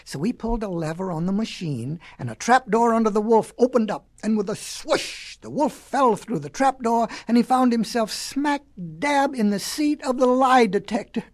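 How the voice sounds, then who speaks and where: A woman's voice: fairly high pitch, expressive, moderate pace, few pauses. Woman reading a folksy storybook. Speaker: narrator.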